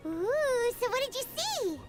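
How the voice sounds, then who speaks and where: Paimon, a squeaky fairy companion. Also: female voice, sing-song, measured pace, full character voice. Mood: chirpy. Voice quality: high, squeaky. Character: tiny chirpy floating fairy companion girl. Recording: game audio with music.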